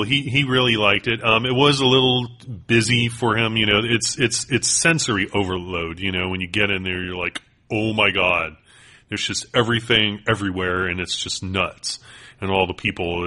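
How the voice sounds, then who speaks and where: A man with a fairly low voice and a bright, forceful edge, co-hosting a podcast. He talks in casual chat and tells stories with excitement, full of fillers and restarts. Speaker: podcast co-host.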